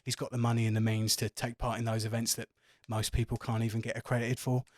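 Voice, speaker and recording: A man's voice: mid-range voice, little pitch movement, fast, no echo, close to an everyday voice. A man voicing a crude, gossipy barman who swears freely. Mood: apologetic. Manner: swears a lot and chats loosely.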